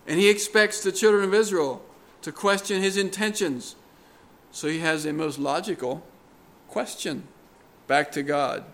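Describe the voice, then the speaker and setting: A man preaching a sermon in a deliberate, earnest way, pressing hard on key words. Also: a little high, a bit bright.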